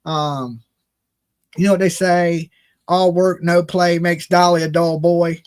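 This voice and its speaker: A man's voice: sits high, flat delivery, slow, a little mellow, clear, resonant tone. A middle-aged man hosting a casual livestream, blunt and opinionated, talking straight to his chat. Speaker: true crime livestream host.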